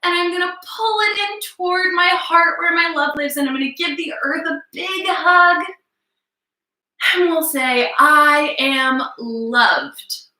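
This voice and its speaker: A woman with a high, very bright voice leads small children through circle time over a webcam. She speaks softly and playfully, slowing down for affirmations she wants them to repeat. The room sounds echoey. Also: fairly even intonation. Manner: soft, encouraging and playful, with slow spoken affirmations. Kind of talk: gentle lesson for young children.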